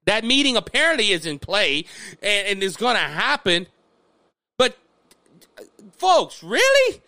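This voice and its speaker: A man from hosting a political commentary show, talking in an animated, sarcastic way and calling his listeners folks. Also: high-pitched, measured pace, no room sound. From Louisiana, USA. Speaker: political commentator, podcast host.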